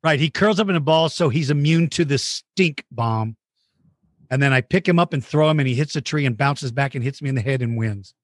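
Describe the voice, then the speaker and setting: A man's voice: mid-range voice, fairly quick, no echo, clean studio sound. A man hosting a playful chat with a child about dinosaur battles, goofy and teasing with mock outrage. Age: adult. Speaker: host interviewing a child.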